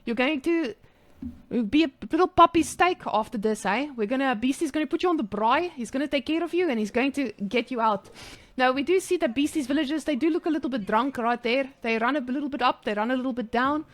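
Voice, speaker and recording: A woman with a high, brisk voice casts a live strategy game in a put-on South African accent, playing a brash South African guy. She's lightly acting, cheering with jokey, mock-hyped energy, and there's no room sound behind her.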